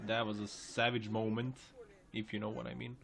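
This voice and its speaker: A man's voice: fairly low pitch, level tone, normal speed, creaky, a bit bright. Joking man doing casual commentary. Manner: joking, chatty, laughs often. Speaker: video host and commentator. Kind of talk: casual reaction commentary over dashcam clips. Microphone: voice-over.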